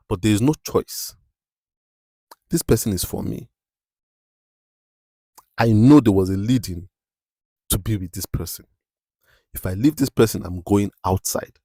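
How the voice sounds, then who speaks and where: A young adult man hosting a podcast, talking in an emphatic, preachy way and often asking "you understand?", with his voice climbing high when he presses a point. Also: expressive, normal speed, pauses often, mellow, no room sound, studio quality. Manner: rises sharply in pitch when stressing a point. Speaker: podcast host. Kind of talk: motivational podcast monologue.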